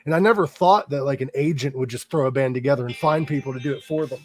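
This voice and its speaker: A man's voice: medium pitch, fast talker, slight background noise. A man hosting a podcast, asking his guest questions in a casual, joking way. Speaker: podcast host. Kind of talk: casual chat.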